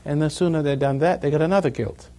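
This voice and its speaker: A man's voice: fairly high pitch, fairly even intonation, fast, mellow. A man giving a rambling talk to a live audience, chuckling at his own jokes as he tells stories. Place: evening gathering with an audience.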